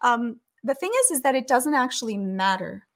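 A woman giving calm, earnest advice in a conversation, acting out the things people say to each other. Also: fairly high pitch, normal speed. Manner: calm, earnest, acts out quoted speech.

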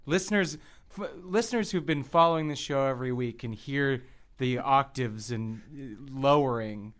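A man's voice: medium pitch, a bit bright. A man co-hosting a casual sports podcast, joking in a wry tone and drawing out his words at times. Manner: wry, joking banter with drawn-out pauses. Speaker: co-host, Kansas City Chiefs fan.

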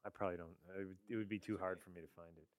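A man's voice: deep voice, fairly even intonation, racing. A man hosting a podcast in a casual chat, easygoing as he steers the talk. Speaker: podcast host.

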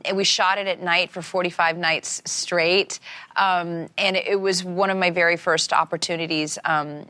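A woman's voice: low-pitched, dry recording. A middle-aged woman from Iowa, an actress telling stories in a casual interview, full of fillers and restarts. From Iowa, USA. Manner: animated storyteller, many fillers and restarts. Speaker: actress guest.

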